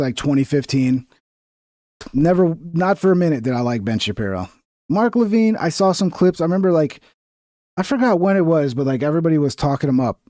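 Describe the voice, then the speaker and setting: A man's voice: a little high, darkish tone, dry recording, studio quality. A man giving casual reaction commentary, blunt and profane, with many fillers. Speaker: streamer.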